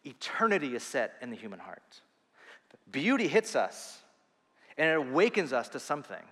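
Male pastor preaching, bright and forceful, earnest with restarts, long hall reverb. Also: mid-range voice. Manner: animated, earnest, with quick asides and restarts. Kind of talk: sermon.

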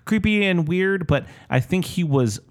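A man's voice: sits high, animated, a little slow. A man co-hosting a podcast, introducing each item with wry casual remarks. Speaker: podcast co-host. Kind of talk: casual chat.

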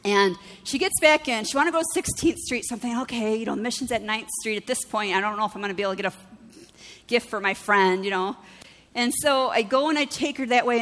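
A woman pastor preaching a sermon, telling personal stories with animated delivery and acting out other people's lines. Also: a little high. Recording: long hall reverb.

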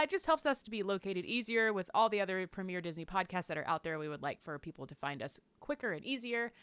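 A woman's voice: medium pitch, a bit bright, dry recording. A woman co-hosting a casual podcast, upbeat and teasing as she wraps up the episode. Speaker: podcast co-host.

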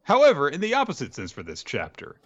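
A man's voice: on the high side, huge pitch swings, quick pace, a bit bright, dry recording. A man hosting a podcast, recapping a story in a chatty way with joking asides. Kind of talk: casual manga recap. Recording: dull lo-fi recording.

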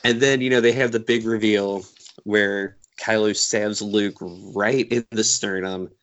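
A man's voice: on the low side, measured pace. Enthusiastic man retelling a film scene. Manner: enthusiastic, animated storytelling. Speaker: podcast co-host. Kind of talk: casual fan discussion.

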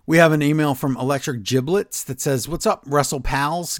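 A man's voice: fairly high pitch, moderate pace, no room sound, studio quality. A man co-hosting a wrestling podcast, ranting in an exasperated, sarcastic way in casual chat. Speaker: podcast co-host.

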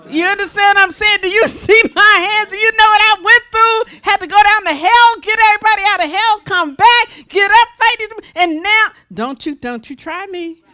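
A woman's voice: on the high side, animated, normal speed, voice pushed down, natural voice. A woman minister voicing Jesus as an exasperated grown man who scolds in a heated, sassy way. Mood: fed up.

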